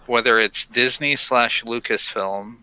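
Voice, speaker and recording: A man's voice: medium pitch, fairly even intonation, measured pace, sharp tone, clear, resonant tone, rough recording. A man chatting casually on a stream, blunt and profane in his griping. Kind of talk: casual chat.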